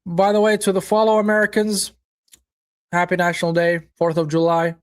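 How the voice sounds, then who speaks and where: The man's voice sits high and stays monotone at a moderate pace as he hosts a live football watchalong. His chat is casual, and he swears occasionally while reacting to the match and his viewers' comments.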